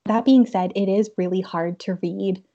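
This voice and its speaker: A woman's voice: mid-range voice, fairly even intonation, normal speed, warm tone. A young woman co-hosting a podcast in casual chat, giggly and full of "like" fillers. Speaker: podcast co-host. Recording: dull lo-fi sound.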